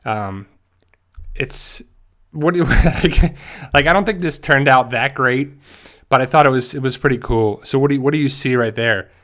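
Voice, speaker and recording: A man hosting a casual livestream, talking haltingly with many fillers and restarts and growing emotional at times. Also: mid-range voice, a bit bright. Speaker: YouTube channel host.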